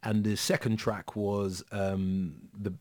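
A man's voice: on the low side, little pitch movement, slow, no echo. A man telling a story as a guest in a casual interview, with lots of fillers and restarts. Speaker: guest musician.

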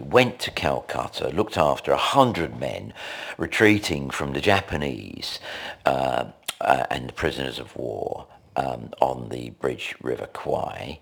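A man in his sixties from England, a radio interview guest telling rambling, animated anecdotes. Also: a bass voice, creaky, slightly rough. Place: indoor recording location.

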